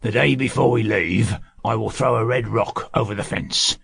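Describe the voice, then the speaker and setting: Male narrator puts on a sly, greedy plotter for an audiobook; rough, breathy, slow, unhurried. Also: fairly low pitch, a bit bright, no echo, full character voice. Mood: cunning. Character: sly scheming male servant, cunning and greedy.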